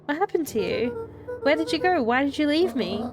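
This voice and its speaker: A woman's voice: sits high, animated, normal speed. A woman reading the lines of a hurt, confused young son from a game, with game music behind. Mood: pleading. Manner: reading game dialogue aloud.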